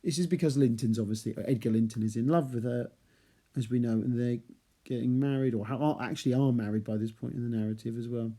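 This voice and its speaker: Reading out passages and unpacking them with playful asides, a man teaches a chatty literature lesson analyzing a chapter. His warm, mid-range voice stays steady in tone and moves quickly.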